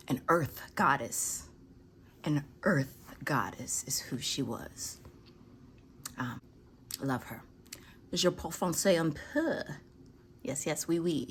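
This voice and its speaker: A woman chatting casually on her patio as she films hummingbirds. She speaks softly and often drops to a whisper, then breaks into excited bursts. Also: sits low, slight background noise. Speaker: vlogger. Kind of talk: casual chat, filming birds on her patio. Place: outdoor patio.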